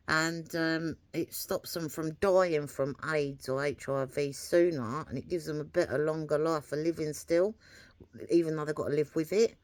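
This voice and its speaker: Lower-voiced rambling woman. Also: no echo. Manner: rambling, chatty, acts out her own quoted words. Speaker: vlogger. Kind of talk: casual storytelling to camera.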